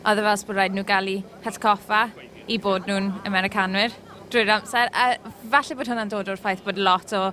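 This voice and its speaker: A woman with a bright, sharp-edged voice. She answers in a measured, reflective way. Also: medium pitch, little pitch movement. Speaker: audience member.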